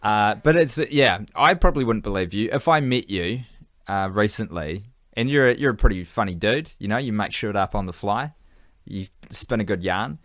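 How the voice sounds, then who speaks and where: A man's voice: fairly low pitch, animated, moderate pace, a bit bright, no room sound, clean studio sound. A man co-hosting a podcast, rambling and joking casually, tired and hungry. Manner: jokey, rambling, swears casually. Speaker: podcast co-host. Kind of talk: casual chat.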